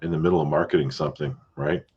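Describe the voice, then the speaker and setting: A man hosting a podcast as a realtor, chatting casually and relaxed, with fillers and asides. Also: extremely low pitch, rapid-fire, husky, dull audio. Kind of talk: casual chat.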